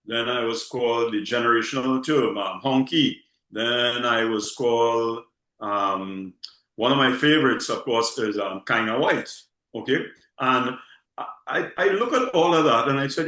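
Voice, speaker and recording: A man's voice: mid-range voice, measured pace, bright, forceful tone, echoey room, low-quality recording. A man from Trinidad with a Trinidadian accent, chatting casually as a guest, often repeating words and tagging lines with "okay?". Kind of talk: casual conversation.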